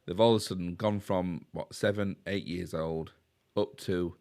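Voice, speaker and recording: Low-voiced Yorkshire man recapping a film. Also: steady tone, normal speed, darkish tone. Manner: rambling retelling with fillers and tag questions. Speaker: podcast co-host. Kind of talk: casual film recap chat.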